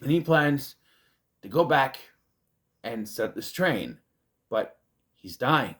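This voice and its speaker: A man's voice: mid-range voice, lively intonation, slow, fairly bright tone. A man, casually reviewing a movie in a rambling, chatty way, with self-deprecating asides. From United States.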